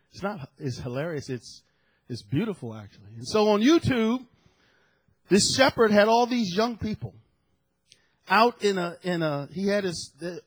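A man preaching a sermon in a high, husky voice. He swings from loud, drawn-out declarations down to hushed asides and back. His delivery is dramatic, in the cadence of a pulpit. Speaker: pastor.

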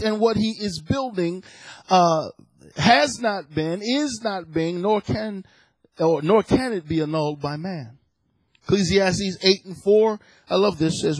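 A man preaching a sermon, moving from a hushed prayer and scripture reading to fervent, shouted declarations. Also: sits high, animated, measured pace, breathy edge, dry recording, rough recording. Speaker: pastor.

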